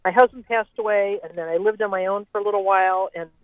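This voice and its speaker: A woman's voice: mid-range voice, steady tone, fast talker, dry recording. Older lady calling in, tinny phone line, hesitant, little nervous laughs. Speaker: caller.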